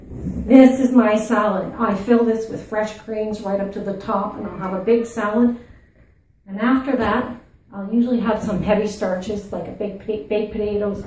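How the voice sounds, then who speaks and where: A woman's voice: mid-range voice, dark tone, heavy reverb, distant mic, slight background noise, low-quality recording. A woman with a Maritime Canadian accent from Newfoundland and Nova Scotia, a channel host chatting casually and playfully to her viewers. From Atlantic Canada. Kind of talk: casual chat to camera.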